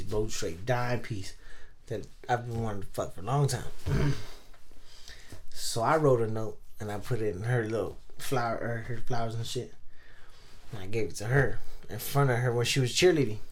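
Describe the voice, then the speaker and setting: A young man casually telling a personal story, rambling with heavy slang, profanity and many fillers. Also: medium pitch.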